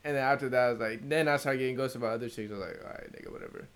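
A man's voice: medium pitch, fairly even intonation, rapid-fire, fairly bright tone, smooth. A young man co-hosting a podcast, talking in laid-back slangy banter and laughing often. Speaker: podcast co-host. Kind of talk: casual chat. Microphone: podcast mic.

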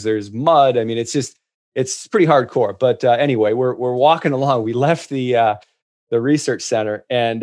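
A man telling travel stories as a guest in casual chat, restarting often and getting lively in the punchlines. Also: mid-range voice. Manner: animated storyteller, many restarts.

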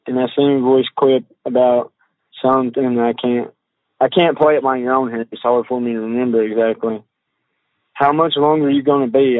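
A man speaks over a tinny phone line, his voice dry and close with no room around it. He talks in a halting drawl, full of fillers and restarts, as he reads old text messages aloud. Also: medium pitch, no room sound. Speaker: witness on a phone call.

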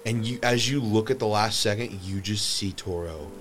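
A man running a tabletop game as game master, narrating with animated storytelling that swings between hushed and loud. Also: lowish voice, moderate pace, soft background music.

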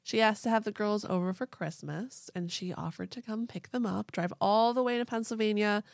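A woman co-hosting a casual chat, telling a true story in an animated way and swearing now and then. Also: mid-range voice, moderate pace, vocal fry, no room sound, clean studio sound. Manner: chatty, animated, swears casually, puts on voices for people in the story.

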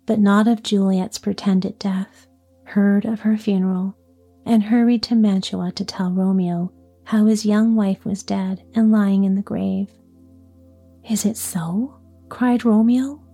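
A woman reading a storybook tale aloud in a soft, often whispery voice. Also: mid-range voice, slightly rough. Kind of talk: scripted storybook narration.

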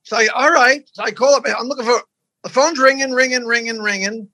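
A man, a comedian, telling lively anecdotes in a casual chat. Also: extremely high pitch, a little fast, dry recording.

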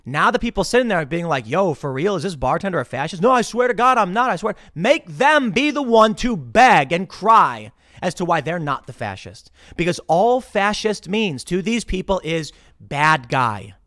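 A man's voice: fairly high pitch, moderate pace, dry recording, studio quality. A man in his thirties hosting a podcast, giving political commentary and acting out heated arguments. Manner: animated ranting, acts out heated bar arguments. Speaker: podcast host.

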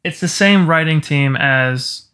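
A man's voice: a little high, slow, sharp tone, clear, resonant tone. A man co-hosting a podcast, talking casually about a film in a rambling way full of filler words. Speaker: podcast co-host.

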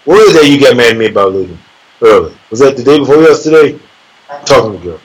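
In a rough recording, a man with a medium-pitched, sing-song, slightly rough voice tells a sparring story at a quick pace during a casual chat. He curses freely, brags, and laughs as he talks, acting out the punches with sound words.

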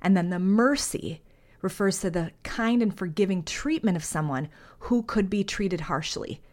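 A woman's voice: mid-range voice, normal speed, a little mellow. A woman hosting a faith podcast. She speaks in an earnest, heartfelt, conversational way, reads scripture aloud and prays. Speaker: podcast host.

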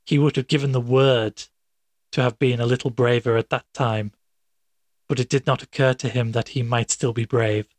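A man reads a classic tale aloud at a measured, dramatic pace. His voice sits in the middle range with a husky edge, and the recording is close and dry. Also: mid-range voice, steady tone, dry recording. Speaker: narrator. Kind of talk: audiobook narration of a classic tale.

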